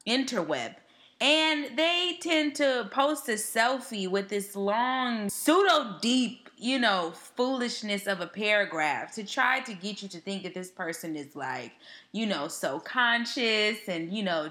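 A woman's voice: mid-range voice, a little slow. A young woman co-hosting a podcast, telling stories in a casual, slangy, joking way. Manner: animated storytelling, slangy and joking. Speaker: podcast co-host. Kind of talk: casual chat.

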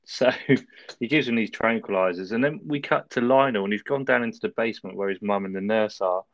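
A man, co-hosting a casual film review chat, recapping the plot in a relaxed way and laughing often. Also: on the low side, a little fast, dry recording, highs cut off. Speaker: podcast co-host.

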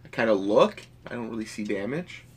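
A man's voice: on the low side, expressive, fairly quick, husky. A man rambling through a story in casual chat, swearing freely.

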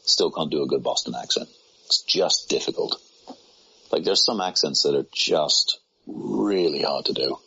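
Male voice actor, extremely low, breathy-husky, rambling self-deprecating chat. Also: moderate pace, bright, forceful tone. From United Kingdom. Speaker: voice actor guest. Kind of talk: casual conversation. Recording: muffled low-fidelity sound.

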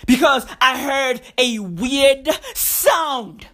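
Slow, ranting woman with a lively pitch. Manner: exasperated, repeats phrases, bursts into shouts. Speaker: podcast host. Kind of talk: profane comedic rant.

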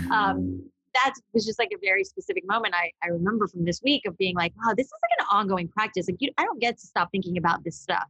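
A woman's voice: mid-range voice, animated, fast, vocal fry, sharp tone, slightly rough, no echo, low-quality recording. A woman co-hosting a podcast, talking frankly and rambling with lots of fillers and the odd swear word. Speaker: podcast co-host. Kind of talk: candid conversational chat.

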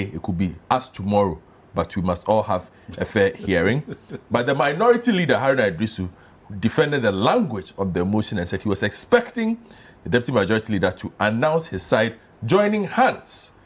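A man's voice: on the low side, sing-song, brisk, slightly rough. A man hosting a political panel, pressing guests with pointed questions. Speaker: talk show host.

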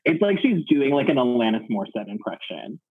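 Husky-voiced man on a dull lo-fi mic. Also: mid-range voice, sing-song, brisk. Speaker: podcast co-host. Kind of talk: casual chat.

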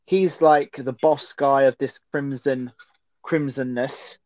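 A man's voice: medium pitch, steady tone, takes it slowly, darkish tone, no echo. A man co-hosting a casual chat while watching a film, rambling and laughing often. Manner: giggly, rambling with frequent laughs. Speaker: podcast co-host. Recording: dull, slightly muffled audio.

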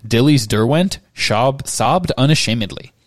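A man co-hosting a podcast, reading a novel aloud in a steady, measured way. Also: medium pitch, dry recording. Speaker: podcast co-host.

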